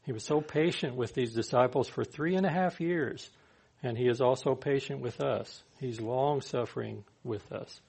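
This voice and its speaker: A man's voice: medium pitch, moderate pace, gravelly, a little mellow, husky. A man preaching a sermon in a conversational way, sometimes acting out the people he quotes. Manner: conversational, acts out quoted speakers.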